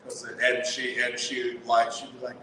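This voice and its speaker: A man's voice: mid-range voice, completely flat delivery, normal speed, pushed and bright. Teasing man in an echoey room. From Haitian background. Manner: joking, teasing, drawls through stories. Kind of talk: casual crude banter. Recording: echoey room, mic far off, faint hiss.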